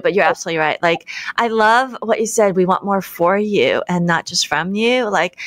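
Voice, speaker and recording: A woman hosting a podcast interview who speaks in a thoughtful, measured way with frequent pauses. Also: fairly low pitch, fairly bright tone, no room sound. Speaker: podcast host. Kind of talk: conversational interview.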